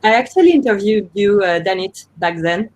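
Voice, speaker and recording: A woman's voice: mid-range voice, expressive, brisk, a little mellow. A woman founder speaks on a panel, explaining her points earnestly with small fillers. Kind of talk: panel discussion. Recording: muffled lo-fi audio.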